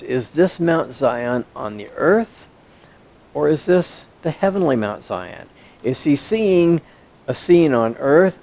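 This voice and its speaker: A man's voice: medium pitch, a little mellow. A man teaching through a Bible passage, reading verses aloud and explaining them in a plain, conversational way with asides to his listeners.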